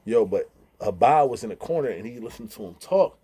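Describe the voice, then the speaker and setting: A man's voice: mid-range voice, fairly quick, slightly rough. A man casually telling funny prison stories, laughing and mimicking the people he talks about. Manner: animated, laughing, mimics others' voices in quotes. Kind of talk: casual storytelling.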